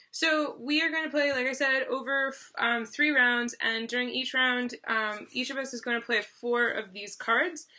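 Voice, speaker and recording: Bright-voiced woman explaining game rules. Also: sits high. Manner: chatty, loose with fillers and restarts. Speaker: board game co-host.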